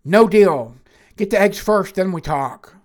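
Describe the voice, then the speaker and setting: A woman voicing a tiny, cruel and bossy female pixie with a shrill, screeching voice and a snapping, commanding manner. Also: expressive, unhurried, a little mellow, close to an everyday voice. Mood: demanding.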